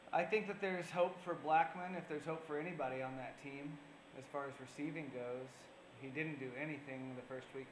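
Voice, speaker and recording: A man's voice: mid-range voice, roomy sound, noisy background. A man co-hosting a fantasy football show on public access TV, talking casually and rambling with fillers. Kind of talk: casual chat. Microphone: on camera.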